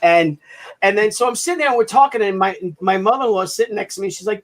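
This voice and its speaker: A man co-hosting a casual live stream, telling anecdotes in an animated way and mimicking other people's voices. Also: sits high, fast. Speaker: co-host.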